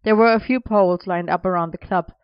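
A woman narrating a story aloud in a steady, even reading voice. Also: medium pitch, brisk, smooth, no echo, highs cut off.

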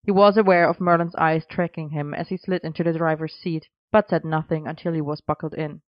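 A reader narrates a story evenly and with measure. The voice is smooth and clear, close to the mic. The recording is dry and a little dull. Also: mid-range voice, fairly even intonation, brisk, dry recording. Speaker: audiobook reader.

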